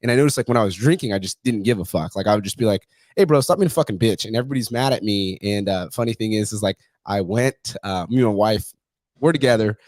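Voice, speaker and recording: This podcast host's voice is fairly low, quick, and a little mellow, with no room sound. He tells stories in a casual chat, bluntly and profanely, swearing constantly and acting out other voices.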